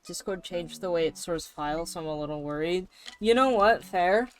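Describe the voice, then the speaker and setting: A woman's voice: fairly low pitch, normal speed. A woman streamer chatting casually and rambling while she draws, swearing now and then. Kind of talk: casual chat while drawing. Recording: faint background music.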